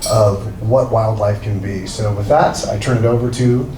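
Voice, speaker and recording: An art dealer introduces a speaker at an event in a live introduction speech, his voice fairly low, steady and warm at a moderate pace. He rambles, jokes at his own expense and grows emotional, recorded roomy and far from the mic with noise.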